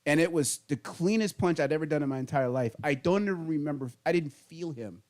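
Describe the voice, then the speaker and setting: A middle-aged man, the podcast host, telling childhood stories in casual, animated chat. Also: fairly high pitch, brisk. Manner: animated storyteller, laughing through funny stories.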